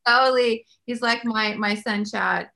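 A woman hosting a faith talk show, telling stories in an animated way and praying aloud. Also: fairly high pitch, a little slow, creaky. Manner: animated storyteller, prays aloud. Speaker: host.

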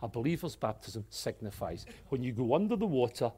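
A man preaching a sermon, swinging from hushed, earnest passages to loud exclamations, with light-hearted asides. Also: mid-range voice, sing-song, brisk, background noise. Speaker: pastor.

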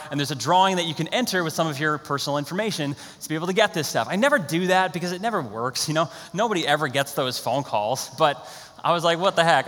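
A young man preaching a sermon as a pastor, telling stories with animated, acted-out quotes. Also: a little high, long reverb tail. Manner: animated storytelling, acts out quotes.

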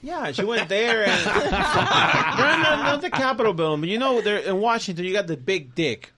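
A man with as his tells a long, rambling story in casual chat, swearing freely and jumping into other people's voices. His voice sits a little high for a man. He keeps the tale rolling with plenty of "like" and "yeah.". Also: sing-song, normal speed, very noisy. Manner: profane, rambling, acts out quoted voices. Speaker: podcast guest telling stories.

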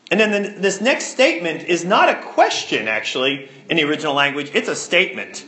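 A man preaching with a high, lively voice that swings up and down in pitch. His tone is bright and ringing, and he stresses points by repeating words. The sound carries a roomy echo. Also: a little fast, few pauses. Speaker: pastor. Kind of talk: sermon.

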